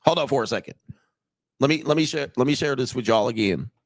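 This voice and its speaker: Gravelly older man, blunt and profane. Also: medium pitch, lively intonation, fast, noisy background. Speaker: dating coach reacting to videos. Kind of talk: casual reaction commentary.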